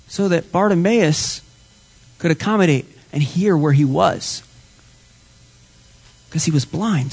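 A male pastor preaching a sermon, dramatic, swinging from soft whispers to loud cries. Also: on the high side, breathy edge.

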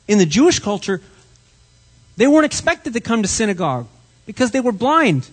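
Male pastor, sermon delivery, lively pitch swings, dramatic whispers and cries. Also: breathy edge.

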